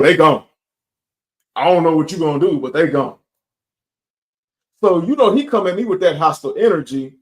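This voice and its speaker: A young man, telling a profane, animated story as a sneaker channel host and acting out both sides of an argument. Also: on the high side. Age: young adult. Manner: profane, animated storytelling with quoted back-and-forth. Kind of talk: casual storytime rant.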